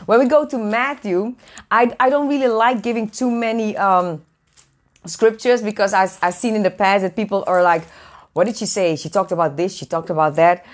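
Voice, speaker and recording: Woman preacher, live stream host, bubbly, greets viewers, mid pitch. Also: moderate pace. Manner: warm, excitable, greets viewers by name with high squeals. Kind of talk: lively live-stream Bible teaching. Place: away from home, indoors.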